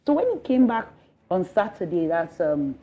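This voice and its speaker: A woman's voice: fairly low pitch, big pitch swings, moderate pace, phone-quality sound, faint music behind. A woman being interviewed, giving an earnest, distressed first-person account and often stopping to restart her sentences. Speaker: interviewee, resident and mother.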